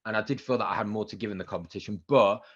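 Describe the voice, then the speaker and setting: A man in his thirties, a radio presenter, telling animated stories as a podcast guest and acting out the quotes. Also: on the low side, racing, husky, muffled recording. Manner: animated anecdotes with acted-out quotes and excited outbursts. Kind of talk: casual interview storytelling.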